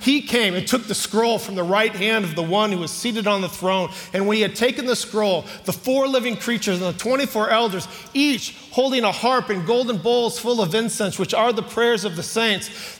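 A man's voice: sits high, a bit bright, long reverb tail. A man preaching a sermon, reading scripture with dramatic emphasis and letting the congregation call out missing words. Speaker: pastor.

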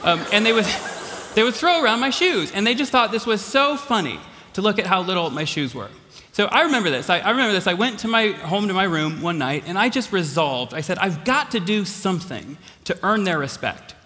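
Animated high-voiced man in a hall. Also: brisk. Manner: animated, self-deprecating, laughs often. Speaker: college president giving a talk. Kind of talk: storytelling sermon. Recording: long hall reverb.

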